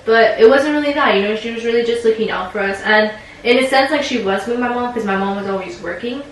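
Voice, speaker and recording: A woman's voice: fairly high pitch, fast talker. A woman in her twenties, speaking as a client in a counseling session, reflective and hesitant with many fillers. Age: 20s. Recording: very echoey room, distant mic, faint noise.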